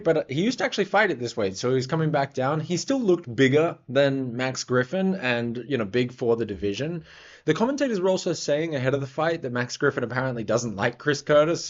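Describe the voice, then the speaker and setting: A man talks through a fight recap in a loose, rambling way, cursing freely and leaning on fillers. His pitch sits in the middle range for a man. The audio is slightly dull and lo-fi. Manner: blunt, profane, rambling with many fillers. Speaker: MMA fight recap host.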